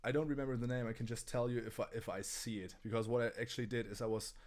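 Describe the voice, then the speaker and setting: A man's voice: medium pitch, fairly even intonation, very fast, darkish tone. A man with a German accent co-hosting a casual live stream about guitar gear, talking with many restarts and stammers. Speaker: co-host.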